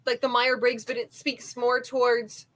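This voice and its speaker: Woman guest, a bit high, measured and explanatory in casual chat. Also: flat delivery, fairly bright tone.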